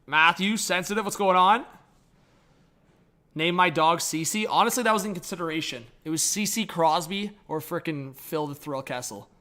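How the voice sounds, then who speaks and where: A man live-streams reaction commentary, chatting with viewers and his dog and swinging between mumbling and shouting. His voice is a little high, at a normal speed.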